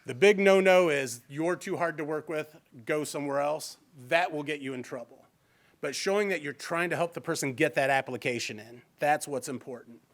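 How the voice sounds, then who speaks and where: A man with a Midwestern American accent leads a fair housing training session in a library meeting room. His voice sits a little high, and he keeps it conversational, slipping into quoted lines as examples. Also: moderate pace. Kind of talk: live training presentation.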